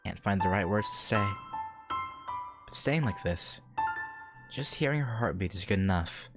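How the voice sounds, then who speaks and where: Deep voiced guy reading a visual novel out loud, jokes in between, loud piano behind. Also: expressive. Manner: slow, earnest reading with joking asides. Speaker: let's play host. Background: loud piano music.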